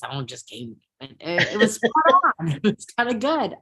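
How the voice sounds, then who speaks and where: An actress chatting as a guest in a casual interview, lively, playful and theatrical. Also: female voice, medium pitch, a little fast, slight background noise.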